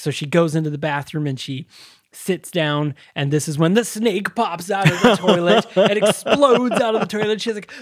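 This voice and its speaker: A woman's voice: medium pitch, normal speed, dry recording, studio quality. A woman co-hosting a podcast, retelling a movie scene by scene in casual, swear-laden chat. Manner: animated, swearing, acting out scenes with laughs. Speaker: podcast co-host.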